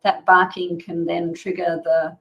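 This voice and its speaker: A woman's voice: fairly low pitch, flat delivery, measured pace, fairly bright tone, muffled recording. A woman guest on a podcast, chatty and explanatory, with frequent fillers and laughs. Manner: chatty, frequent "you know" and "um", laughs often. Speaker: dog behaviour expert guest. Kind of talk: casual podcast interview.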